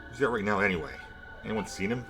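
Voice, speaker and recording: Fast, wry man reading game lines. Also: fairly low pitch. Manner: brisk, wry reading with joking asides. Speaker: game playthrough reader. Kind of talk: reading game dialogue aloud. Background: game music.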